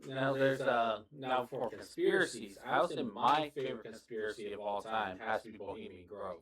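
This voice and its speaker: A man's voice: medium pitch, normal speed, a crowd in the background, rough recording. A man in a casual podcast chat, explaining at length with many fillers. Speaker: podcast guest.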